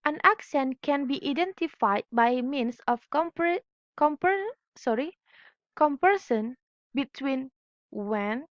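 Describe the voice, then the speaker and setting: A woman's voice: high voice, no echo. A young woman whose first language is Indonesian, reading a class presentation carefully and correcting her own slips. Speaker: student presenter. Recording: dull lo-fi recording.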